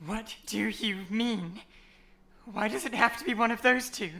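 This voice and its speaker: A woman's voice: a little high, fairly even intonation, fast talker, gravelly, pushed and bright. A woman voicing an anxious, exasperated student in a fan audio drama. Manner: exasperated, raises voice in disbelief.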